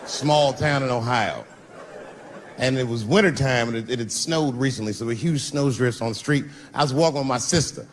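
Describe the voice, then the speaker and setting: A man performing a profane, animated stand-up routine, telling a long story. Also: medium pitch, normal speed, a crowd in the background. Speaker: stand-up comedian. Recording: live stage recording with audience noise.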